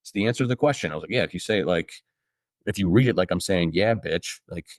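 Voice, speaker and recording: Low-voiced man telling a rambling story. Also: animated, very fast, dry recording, studio quality. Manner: rambling storyteller, lots of fillers. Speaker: podcast co-host. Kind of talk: casual chat.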